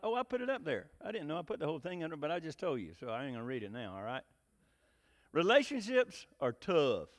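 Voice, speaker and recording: A man's voice: a little high, sing-song, quick pace. A man preaching a joking, folksy sermon, often rising into emphatic bursts. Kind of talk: sermon with jokes. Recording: long reverb of a hall.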